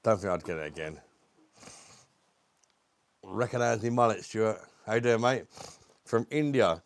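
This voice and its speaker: Greeting viewers by name, this British-accented streamer chats casually while reviewing beer live, dropping the odd swear word and fighting a lingering cough. He speaks at a moderate pace in a fairly low, creaky voice.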